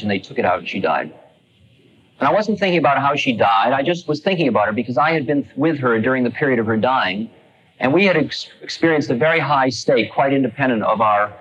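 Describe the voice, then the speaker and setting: A man's voice: medium pitch, a bit bright, breathy edge, highs cut off. A man telling a personal story in a conversational, self-mocking way, with restarts and asides. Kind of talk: storytelling talk.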